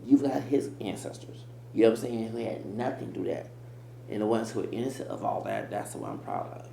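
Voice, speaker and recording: A man's voice: fairly low pitch, wildly swooping pitch, fairly quick, creaky, warm tone. A man giving rambling, emphatic reaction commentary as host of his own channel. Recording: echoey room with faint hum.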